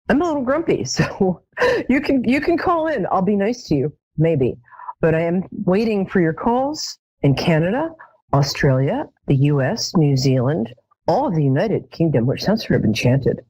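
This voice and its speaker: A woman's voice: deep voice, mellow, slightly rough, dry recording. A middle-aged woman hosting a live psychic show, chatting casually with dry, self-mocking humor and many ums. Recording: dull, lo-fi webcam sound.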